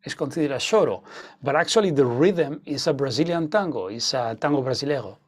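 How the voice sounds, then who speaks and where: A man's voice: medium pitch, lively intonation, a little fast. A man teaching an online guitar masterclass, explaining rhythms with frequent fillers and "okay?" check-ins.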